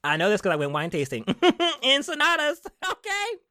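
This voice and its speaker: A man's voice: extremely high pitch, huge pitch swings, sharp tone, no echo, studio quality. A man hosting a casual chat show, sassy and theatrical, calling his listeners honey and repeating words for emphasis. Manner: drawn-out, emphatic repetition. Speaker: podcast host.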